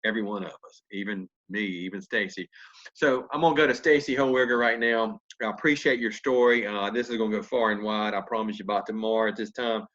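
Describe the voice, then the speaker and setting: A man's voice: on the low side, a little fast, fairly bright tone. A man hosting a video call, giving upbeat motivational encouragement. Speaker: host. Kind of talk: motivational talk. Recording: dull lo-fi video call audio.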